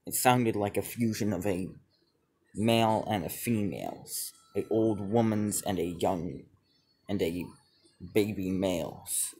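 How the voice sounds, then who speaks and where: A man telling a fan-made story off the cuff, halting and restarting his sentences, stringing events together with "as". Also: on the low side, a little mellow, slightly rough. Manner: halting, many restarts and repeated "as he would". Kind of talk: improvised fan-fiction narration.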